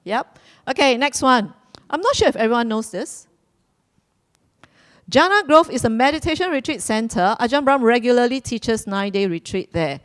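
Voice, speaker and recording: A woman's voice: fairly high pitch, expressive, moderate pace. A woman hosting a live quiz at a community celebration, playful and repeating her instructions, laughing now and then. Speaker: quiz host.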